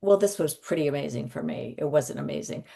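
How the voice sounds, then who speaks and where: A woman guest, a psychic medium, telling stories in a rambling, animated way with frequent restarts. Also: deep voice, fairly quick, vocal fry, slightly rough. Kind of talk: conversational storytelling.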